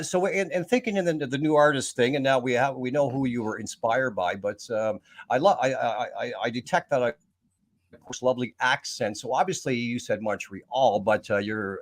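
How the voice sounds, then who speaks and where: A man's voice: medium pitch, normal speed. A man from Ontario, a radio co-host who rambles and restarts his sentences in casual chat. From Ontario, Canada.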